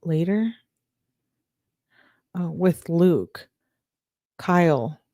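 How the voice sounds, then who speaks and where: A woman's voice: fairly low pitch, expressive, very slow, dark tone, no echo, clean studio sound. A woman YouTuber reading text messages aloud and adding chatty asides to the viewer. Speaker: YouTuber reading case evidence. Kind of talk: casual read-aloud commentary.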